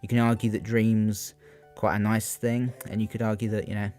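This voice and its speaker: Young man, lowish voice, unscripted revision talk, halting and questioning, faint music behind. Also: flat delivery, darkish tone. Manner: hesitant, many ums and rhetorical questions. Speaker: student giving exam revision.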